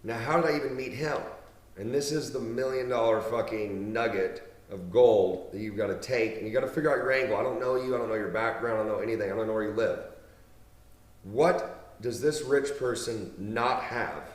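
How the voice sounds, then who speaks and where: A man's voice: medium pitch, moderate pace. Blunt, profane man in a roomy space. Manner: blunt and profane, with emphatic repetition. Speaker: business speaker. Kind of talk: casual storytelling monologue. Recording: roomy, mic at a distance.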